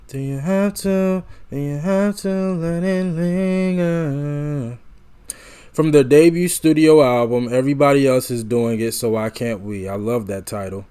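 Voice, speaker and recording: Slow, musing man reacting. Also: medium pitch, darkish tone. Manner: musing, meandering, self-correcting. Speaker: reaction video host. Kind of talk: casual reaction commentary.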